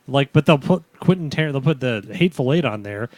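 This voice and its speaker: A man co-hosting a podcast, telling animated, profane stories and mimicking other people's voices in crude banter. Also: mid-range voice, fairly quick, dry recording. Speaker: podcast co-host.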